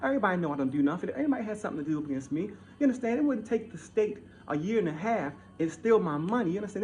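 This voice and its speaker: A man rants in a heated, repetitive monologue. His voice sits a little high and lurches between loud outbursts and low mutters. A faint noise floor hangs under the recording. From Baltimore. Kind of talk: ranting monologue.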